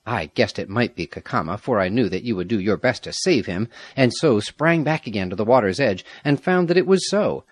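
A man reading the part of a loyal young Aztec noble, steady and commanding, with a husky voice. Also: fairly low pitch, brisk, hardly any pauses, dry recording. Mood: recounting.

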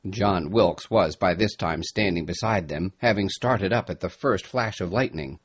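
A man narrating a storybook chapter in a measured storytelling voice. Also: sits low, slightly rough. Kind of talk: audiobook narration.

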